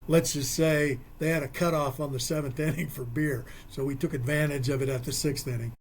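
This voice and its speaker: A man's voice: a little high, steady tone, fairly quick, slight background noise. A man hosting a radio sports talk show, casual and joking, telling stories and working things out aloud. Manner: joking, storytelling, thinks aloud with math.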